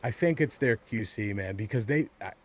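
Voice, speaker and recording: A man's voice: fairly low pitch, expressive, normal speed. A man co-hosting a podcast in casual chat, rambling with frequent stammered restarts and swearing. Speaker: podcast co-host.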